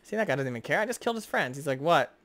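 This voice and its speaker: A young man giving excitable, jokey gameplay commentary as host, chatting to the creatures on screen. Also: on the high side, very fast. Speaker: gaming video host.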